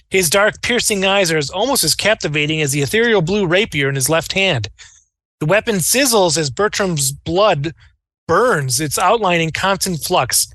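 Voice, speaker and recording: A man's voice: high-pitched, fairly bright tone, dry recording. A man running a tabletop role-playing game as game master, narrating scenes with theatrical, descriptive storytelling.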